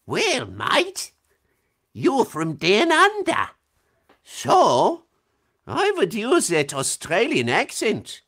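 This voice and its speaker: A man's voice: high-pitched, huge pitch swings, very slow, a bit bright. A man, a voice actor, chatting playfully on a livestream Q&A over a video call, laughing often and reading out fan comments. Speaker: voice actor answering fan questions. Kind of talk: casual livestream Q&A.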